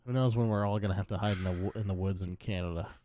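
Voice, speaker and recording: A man's voice: low voice, steady tone, rapid-fire, warm tone, a little hiss or hum. A young man co-hosting a casual podcast chat, joking dryly and swearing casually. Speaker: podcast co-host.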